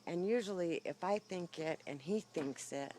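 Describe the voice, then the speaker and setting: A woman's voice: lowish voice, moderate pace, mellow, a little hiss or hum. A woman vlogging outdoors on her phone without a clip-on mic, telling a long rambling story full of fillers, her voice a little shaky. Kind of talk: casual rambling vlog. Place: outdoors by the horses. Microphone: phone's built-in mic, no clip-on mic.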